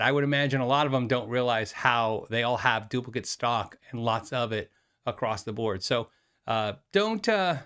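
Middle-aged male host, casual rambling monologue, laughs a lot, medium pitch. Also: fairly bright tone. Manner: rambling, chatty, laughs often, many fillers and restarts. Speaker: YouTube host, former music store owner. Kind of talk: casual chat to camera.

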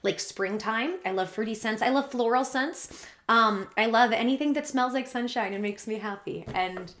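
A woman's voice: on the high side, moderate pace, fairly bright tone. A woman YouTuber talking to her viewers in an emotional confessional vlog, earnest and rambling, close to tears.

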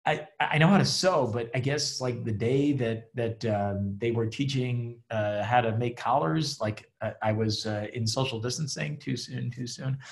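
A man voicing an old farm wife who explains herself in a halting, rambling way. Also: medium pitch, creaky, lightly acted. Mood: rambling explaining. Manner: halting, rambling, matter-of-fact.

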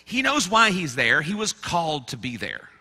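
A man's voice: on the high side, wildly swooping pitch, normal speed, bright, forceful tone, big-room sound. A man preaching a sermon as pastor, conversational with playful asides. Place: church sanctuary.

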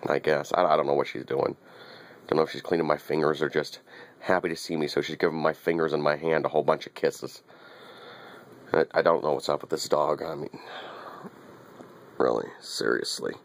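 A man's voice: very deep voice, steady tone, fairly quick, creaky, long pauses, dry recording. A man giving a wry, teasing running commentary as he films his little dog, often repeating himself. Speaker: dog owner filming his pet. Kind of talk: casual running commentary to camera.

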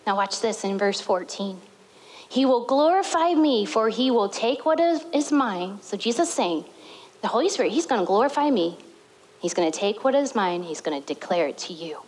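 A woman pastor preaching a sermon to a congregation, telling stories with lively, dramatic retellings. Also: mid-range voice, moderate pace, rough recording. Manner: animated storytelling with dramatic retellings.

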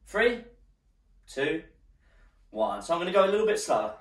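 An encouraging man leads a workout class, a little breathless as he moves along with it. His lively voice rises and falls as he counts down the rounds. The room is echoey and he sounds some way from the mic. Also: on the high side, normal speed. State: slightly out of breath. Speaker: fitness instructor. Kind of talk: live workout class instruction. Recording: roomy echo, distant mic.

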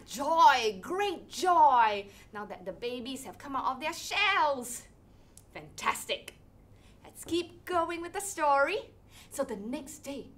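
Female workshop leader, bright animated storyteller for children. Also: sits high. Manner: animated, sing-song, with sound effects.

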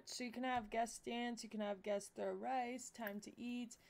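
A young woman giving excited, gushing commentary as she plays a life-simulation game. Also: fairly high pitch, creaky. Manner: excitable and gushing, quick gasps and squeals. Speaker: let's play host. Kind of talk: casual gameplay commentary.

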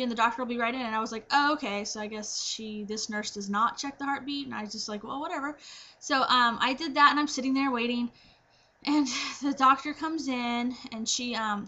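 A young pregnant woman chatting casually to her viewers, animated and full of fillers as she acts out her own reactions. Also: high-pitched, lo-fi sound. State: heavily pregnant. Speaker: pregnancy vlogger. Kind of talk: casual chat to camera.

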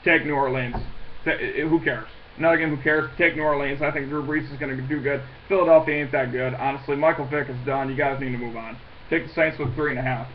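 A man's voice: medium pitch, fairly even intonation, fast, dull audio, slight background noise. A man giving his weekly football picks, blunt and scornful, swearing and restarting as he goes. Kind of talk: casual ranting sports predictions.

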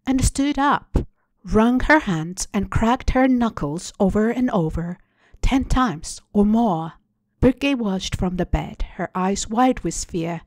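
A woman hosting a storytelling show, reading a translated short story aloud in a measured, deliberate way. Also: mid-range voice, darkish tone, no room sound. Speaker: story reader. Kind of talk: literary reading.

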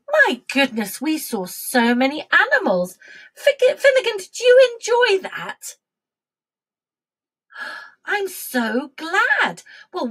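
A woman teaches a preschool music class, singing and talking to small children in a high, sing-song voice. Her pitch swoops widely, and she takes her time over each phrase. She often drops to a whisper or gasps for effect. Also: fairly bright tone. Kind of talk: sung and spoken children's music lesson.

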